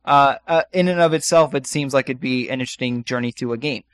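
A man's voice: mid-range voice, quick pace, a bit bright, dry recording. Rambling man on a podcast, dry close mic. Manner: rambling, lots of ums and restarts. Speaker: podcast co-host. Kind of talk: casual chat.

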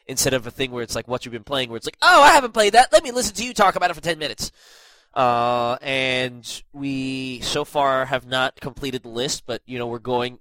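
A man's voice: medium pitch, pushed and bright, dry recording, poor audio. A young man with a stuffy nose hosting a casual gaming podcast, rambling with lots of fillers and self-deprecating asides. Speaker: podcast host.

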